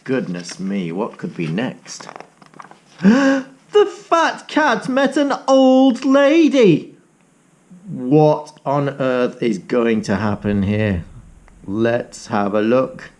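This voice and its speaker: A male teacher reading a picture book aloud to young children, animated and inviting them to join in with sounds. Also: mid-range voice, very slow.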